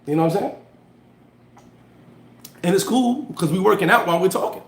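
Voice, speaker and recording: A fairly high-voiced man hosts a casual motivational livestream, speaking briskly and straight to his viewers. He tells stories with lively street-slang energy and stops to answer comments. The sound is roomy and echoey.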